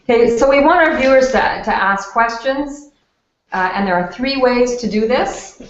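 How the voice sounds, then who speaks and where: A woman's voice: fairly high pitch, expressive, moderate pace. A woman hosting an online talk event in a casual, chatty way with frequent fillers. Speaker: event host. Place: community hub classroom. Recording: echoey room, dull lo-fi sound.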